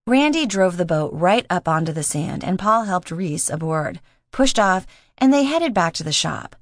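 A woman narrating an audiobook in a steady, measured reading voice. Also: fairly low pitch, no room sound, studio quality. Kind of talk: scripted narration.

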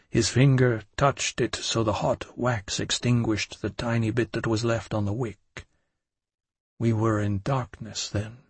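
A man reading a first-person story aloud with intensity and emotion, sometimes dropping to a hushed tone. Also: medium pitch, slightly rough, no echo. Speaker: audiobook narrator. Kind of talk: dramatic first-person audiobook narration.

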